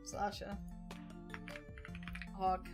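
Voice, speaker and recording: A woman's voice: mid-range voice, monotone, very slow, gravelly, a little mellow. A woman streamer chatting playfully through a game, swearing and laughing as she answers her chat. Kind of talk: casual let's-play commentary. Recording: game music playing behind.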